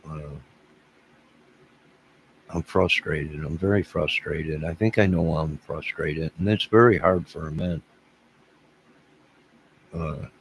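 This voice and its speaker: A man's voice: deep voice, gravelly, a little hiss or hum, rough recording. A man hosting a casual livestream, rambling and self-deprecating as he chuckles and answers viewers' chat. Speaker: livestream host.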